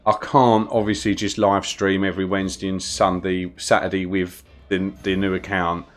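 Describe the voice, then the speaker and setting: A deep-voiced man from London, England, speaks at a normal speed with little pitch movement. He rambles chattily through gameplay commentary on a live stream, greeting viewers in the chat as he plays.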